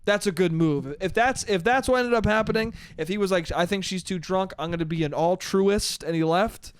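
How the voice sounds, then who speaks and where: A man's voice: high voice, brisk, clean tone. A man around thirty rambling through a casual solo podcast, swearing often, mocking himself and laughing at his own stories. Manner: rambling, swearing, self-deprecating, laughs a lot. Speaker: podcast host.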